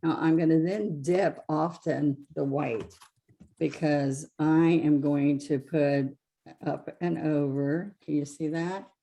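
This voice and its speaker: A woman's voice: deep voice, fairly even intonation, slow pace, gravelly, mellow. A woman teaching a live painting class, chatty and explaining each step, often correcting herself as she goes. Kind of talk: live craft demonstration.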